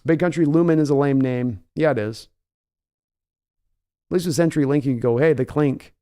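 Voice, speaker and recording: A man's voice: a little high, brisk, dark tone. Chatty man hosting a live stream. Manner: rambling, chatty, reads donations. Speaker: host. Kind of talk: live stream reaction chat.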